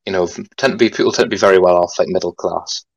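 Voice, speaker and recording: A man's voice: low voice, steady tone, quick pace, no room sound, muffled recording. A young man from North East England with a Geordie accent, a podcast guest chatting casually, rambling with fillers and the odd swear. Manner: laid-back, rambling with many fillers and some swearing. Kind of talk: casual chat.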